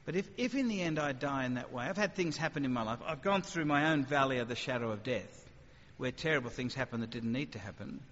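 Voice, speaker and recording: Animated male speaker in a reverberant hall. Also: mid-range voice, fast, hardly any pauses. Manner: animated, conversational, sudden acted asides. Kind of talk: evangelistic talk with questions. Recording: muffled hall recording with faint noise.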